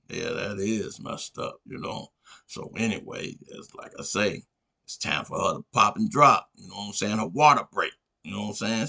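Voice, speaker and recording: A man's voice: mid-range voice, gravelly, pushed and bright. A man hosting a podcast, telling a long story in a rambling casual way, constantly checking in with his listener. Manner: rambling, constantly asks "you know what I'm saying". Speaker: podcast host.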